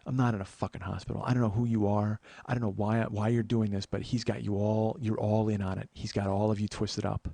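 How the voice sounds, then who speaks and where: A man's voice: on the low side, little pitch movement, fairly quick, creaky, few pauses, dark tone, no echo. A man doing his confused, paranoid old mother. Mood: paranoid, hostile.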